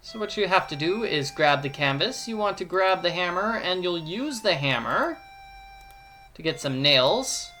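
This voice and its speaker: A man's voice: sits high, expressive, measured pace, sharp tone, faint music behind. A man giving a playful walkthrough of an adventure game, explaining each step and joking along. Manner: playful, explains steps, jokes and does voices. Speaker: let's play commentator.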